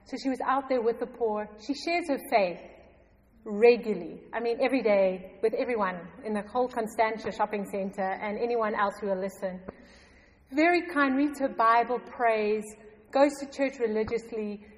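A middle-aged woman telling a personal faith story to a congregation, animated and often laughing. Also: a little high, normal speed. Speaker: church member giving testimony. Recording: long hall reverb.

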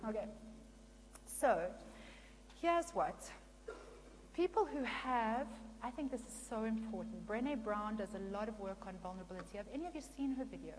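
Lively woman preaching in an echoing hall. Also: on the high side, normal speed. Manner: lively, conversational, often asking the audience. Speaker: Christian speaker and counselor. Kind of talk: sermon. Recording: long hall reverb with faint hum.

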